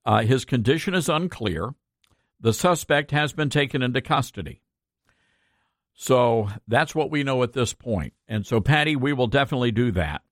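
A man's voice: medium pitch, lively intonation, normal speed, no room sound, studio quality. A man hosting a talk radio show, earnest and impassioned, often repeating himself for emphasis.

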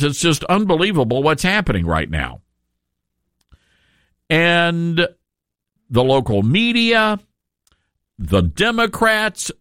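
Sarcastic, lively male talk radio host. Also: a little high, dry recording, clean studio sound. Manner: sarcastic, emphatic, with asides to listeners. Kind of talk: opinionated talk radio monologue.

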